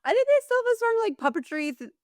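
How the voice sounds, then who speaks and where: A woman's voice: very high-pitched, sing-song, very fast, dry recording, studio quality. A woman who is a guest on a podcast, talking in an easygoing, rambling casual chat. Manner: easygoing, rambling with fillers and laughs.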